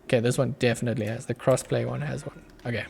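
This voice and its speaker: Australian dev streamer, young guy, low mellow voice with a gravelly edge, thinks out loud. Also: steady tone, quick pace, slight background noise. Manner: muttering to himself while working, chuckling. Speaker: streamer, app developer. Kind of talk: casual live coding stream.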